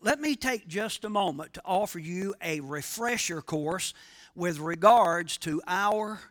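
High-voiced, slow-preaching male pastor. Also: animated, fairly bright tone. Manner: emphatic, asks the congregation questions. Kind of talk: sermon.

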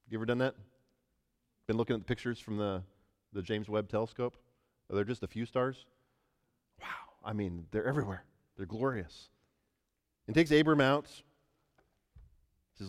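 Male pastor, lowish voice, conversational sermon delivery with rhetorical questions, long hall reverb. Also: moderate pace, pauses often.

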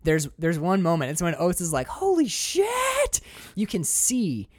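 A man hosting a casual chat about a film, excitable and swearing freely as he acts out scenes. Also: on the high side, moderate pace, no room sound, studio quality.

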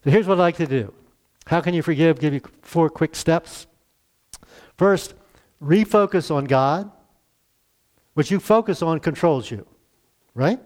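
A man's voice: a little high, measured pace, long pauses, darkish tone. A man in his sixties preaching a conversational church sermon, chuckling often and asking rhetorical questions. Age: 60s. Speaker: pastor.

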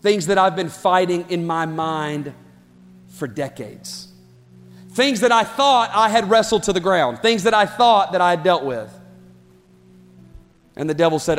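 Impassioned male pastor, high voice, reverberant hall. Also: lively intonation, a little slow, long pauses. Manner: impassioned, building to shouts. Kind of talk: sermon. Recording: long hall reverb with faint music.

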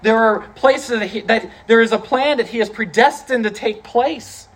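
A preacher delivering a sermon in an animated, conversational way, repeating phrases for emphasis. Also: medium pitch, normal speed.

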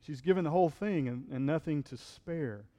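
A male pastor preaching a sermon in a relaxed, conversational way, often checking in with the congregation and acting out the quotes he reads. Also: on the high side, normal speed, in a large hall. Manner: conversational preaching, frequent "right?", acts out quotes.

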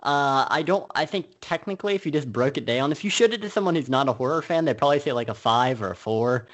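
Hesitant man with lively pitch. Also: fast. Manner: hesitant, many restarts and fillers, lively pitch. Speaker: podcast co-host. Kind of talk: casual film review chat.

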